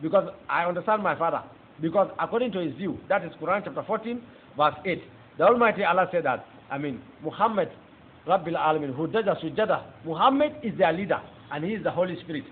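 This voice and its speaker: A man's voice: a little high, expressive, fast talker. A man with a Nigerian accent giving a fervent preaching testimony, emphatic and repeating phrases as he addresses his listeners. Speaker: testifying convert. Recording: tinny phone-like audio with faint background noise.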